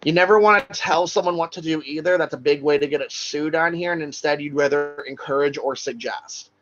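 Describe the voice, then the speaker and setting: A man's voice: on the high side, fairly quick, fairly bright tone, a little hiss or hum. Chatty male instructor on a lo-fi recording. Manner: casual, chatty teaching with frequent "right?" and "like". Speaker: social work exam instructor. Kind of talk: recorded online class.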